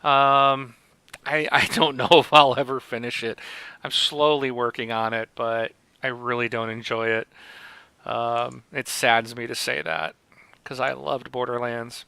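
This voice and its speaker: A man's voice: mid-range voice, level tone, unhurried, creaky, sharp tone, clear, resonant tone, no echo. A man hosting a casual podcast about video games, rambling with many fillers and restarts. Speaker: podcast host.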